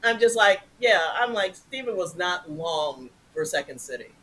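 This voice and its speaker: A middle-aged woman, an improv performer, telling stories as a guest in a casual interview, animated and acting out quotes. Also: fairly low pitch, normal speed, slight background noise, low-quality recording. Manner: animated, swings into loud acted-out quotes.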